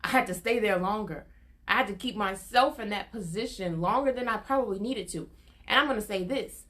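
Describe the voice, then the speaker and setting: A woman's voice: mid-range voice, a little fast, fairly bright tone. Earnest woman giving a prophetic word. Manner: earnest and repetitive, building in intensity. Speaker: prophetic minister. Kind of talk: informal prophetic testimony.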